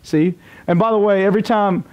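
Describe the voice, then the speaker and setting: A pastor preaching a sermon, reading scripture aloud and breaking off into casual, joking asides. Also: male voice, high voice, fairly even intonation, brisk, darkish tone, clean tone.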